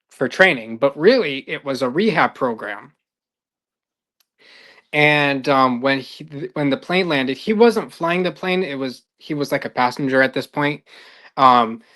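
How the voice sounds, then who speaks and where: A man's voice: on the high side, fairly bright tone. A male life coach telling a story in a casual, rambling podcast monologue with fillers and restarts.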